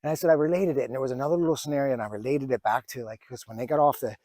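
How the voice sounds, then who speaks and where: A man in his forties speaking at a middle pitch in a reflective personal vlog. His talk is earnest and full of fillers and restarts, and at times he is close to tears. The recording is dry and close. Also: rapid-fire, warm tone, no room sound. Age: 40s. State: emotional, near tears at times. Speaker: vlogger.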